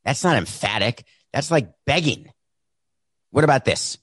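A man's voice: medium pitch, expressive, unhurried, fairly bright tone, slightly rough, dry recording, studio quality. Sarcastic male sports talk host. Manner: sarcastic, mocking. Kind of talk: sports commentary monologue. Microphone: desk mic with mute button.

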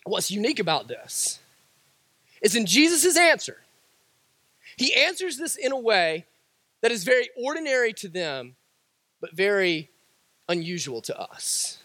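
A man preaching a sermon in a very high voice that swings widely up and down. He repeats each point for weight and builds to shouted lines. The sound is dry and close, with no room around it. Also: big pitch swings, a little slow, pauses often, no echo. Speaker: pastor.

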